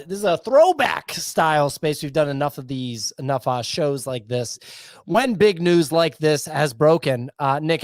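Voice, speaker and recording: A man's voice: on the high side, no room sound, studio quality. A man hosting a casual crypto chat on a live audio space, laid-back and wry. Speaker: host.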